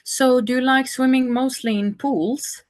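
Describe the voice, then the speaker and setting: A woman teaching an English conversation lesson, speaking slowly and patiently with many fillers. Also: high-pitched, steady tone, a little mellow.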